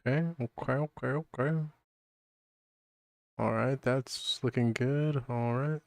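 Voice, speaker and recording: A man's voice: mid-range voice, fairly even intonation, slow pace, gravelly, darkish tone, dry recording. Man chatting casually on a podcast stream. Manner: rambling, muttering to himself while setting up. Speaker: podcast host. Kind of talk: casual livestream chat.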